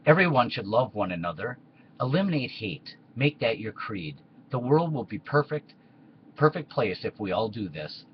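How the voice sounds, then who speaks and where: A man's voice: medium pitch, big pitch swings, moderate pace, dull audio, a little hiss or hum, natural voice. A man voicing Jesus as an earnest preacher in a comedy history skit. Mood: calm.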